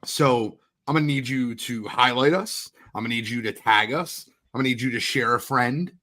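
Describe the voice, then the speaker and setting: Hyped up guy hosting a draft watch stream, bright forceful voice. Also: medium pitch. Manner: hyped, rapid shoutouts to guests and viewers. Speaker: host. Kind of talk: energetic livestream chat.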